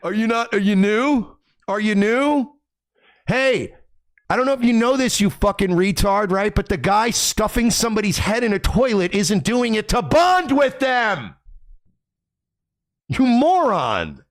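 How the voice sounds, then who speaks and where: A man's voice: high-pitched, expressive, moderate pace. A male streamer host giving profane, ranting livestream commentary full of contempt.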